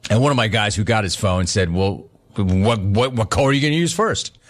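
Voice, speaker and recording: A man on the radio telling a casual story, acting out the people in it with lively swings in his voice. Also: lowish voice, normal speed. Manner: animated, acts out both sides of the story. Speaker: radio host.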